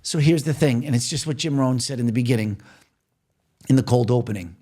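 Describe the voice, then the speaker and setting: A man's voice: mid-range voice, a little fast, dark tone. A man from New York hosting a podcast, talking earnestly and repetitively straight to the listener in a motivational monologue. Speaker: podcast host.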